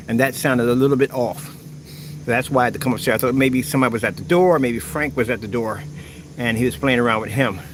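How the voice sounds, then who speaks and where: Casual male vlogger at home, talkative, mid-pitched voice, noisy home recording. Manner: talkative, talks softly to a rescued bird. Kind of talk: casual vlog talk to camera. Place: at home, indoors.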